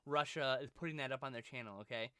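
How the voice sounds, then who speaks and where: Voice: mid-range voice, fast talker, pushed and bright, smooth, dry recording, studio quality. A rambling, profane co-host in casual chat on a live stream. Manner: rambling, profane, restarts often. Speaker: podcast co-host.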